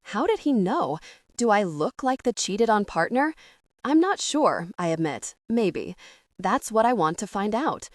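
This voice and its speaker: A woman narrating a first-person comedy audiobook in an expressive, anxious way. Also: mid-range voice, measured pace, no room sound, clean studio sound.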